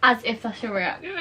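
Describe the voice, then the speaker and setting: A woman's voice: high-pitched, noisy background. A young woman chatting casually during a challenge, giggly and teasing. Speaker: challenge participant. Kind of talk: casual chat.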